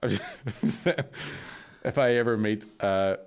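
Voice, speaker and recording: A man's voice: fairly low pitch, fairly even intonation, unhurried, a little hiss or hum. A man, a podcast co-host trading crude jokes in casual chat. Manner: joking, crude banter.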